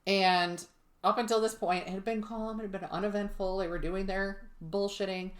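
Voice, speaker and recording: A woman's voice: medium pitch, steady tone, moderate pace. A woman co-hosting a podcast, telling a spooky history story in a sarcastic, swearing, laughing casual chat. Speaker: podcast co-host. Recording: roomy echo.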